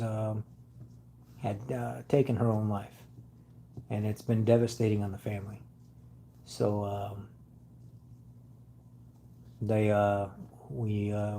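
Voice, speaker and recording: A man with a dark, mellow voice chats casually with his viewers. He rambles earnestly through his stories, stopping often on "uh" and "um" as he gathers his thoughts. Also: lowish voice, slight background noise, rough recording. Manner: rambling, hesitant, with many fillers; earnest storytelling. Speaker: car channel host.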